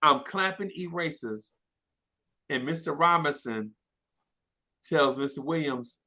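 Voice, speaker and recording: High, bright-voiced man telling stories. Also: slow, pauses often. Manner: animated, slangy, laughs through his story. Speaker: podcast storyteller. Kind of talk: casual chat, storytelling.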